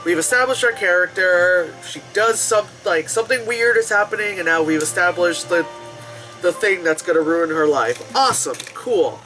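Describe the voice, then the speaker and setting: Movie reviewer, casual reaction commentary, laughs a lot, swears, swooping pitch, film music loud behind. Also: animated, normal speed. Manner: laughs often, swears freely, mimics characters. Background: film soundtrack music playing.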